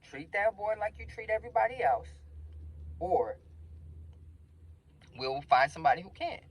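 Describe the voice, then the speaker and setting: A man voicing a stern middle-aged male school principal who speaks in a firm, measured, formal way. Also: sits high, sing-song, breathy edge, dull audio, pitched above the performer's own voice, heavily acted.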